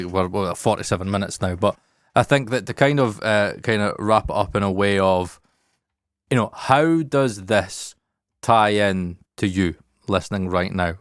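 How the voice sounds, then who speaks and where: A man's voice: lowish voice, a little fast, dry recording. Guy on a podcast, blunt and sweary, dead dry close mic. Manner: frank and emphatic, swears often. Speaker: podcast co-host. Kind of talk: casual chat.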